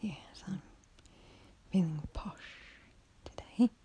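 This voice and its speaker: A woman in a whispered role-play, teasing and flirtatious, often breaking into soft giggles. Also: fairly low pitch, slow pace, breathy edge. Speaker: ASMR performer.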